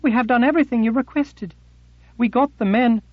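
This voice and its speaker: A man's voice: very high-pitched, a little fast, no room sound, muffled recording, voice pushed up. A man voicing a frightened woman who pleads in a trembling voice.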